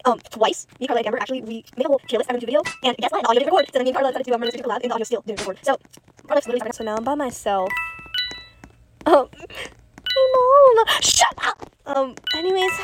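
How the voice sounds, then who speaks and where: Teenage girl, high-pitched voice, excitable gaming commentary, home mic, game music in the background. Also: poor audio. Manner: excitable and rambling, peppered with "literally" and "freaking". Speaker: gaming podcast host. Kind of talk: casual gameplay commentary.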